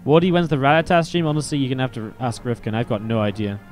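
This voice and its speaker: A man's voice: mid-range voice, lively intonation, fast, soft background music. A man streaming and casting a strategy game, chatting casually at a desk microphone. He rambles and swears freely, with lots of filler words. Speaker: StarCraft caster and streamer. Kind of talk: casual stream chat over game commentary.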